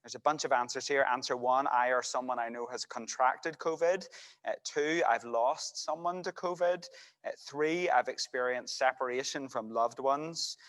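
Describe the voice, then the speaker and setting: A man, a church worker giving an earnest, measured introduction with frequent hesitations. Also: mid-range voice, a bit bright. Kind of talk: introductory talk. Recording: long hall reverb.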